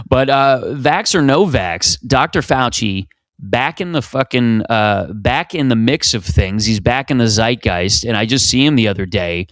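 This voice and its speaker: Low-voiced rambling man in his thirties. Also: fairly bright tone, no echo. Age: 30s. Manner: rambling, profane, self-mocking. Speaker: podcast host. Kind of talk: solo comedic podcast monologue.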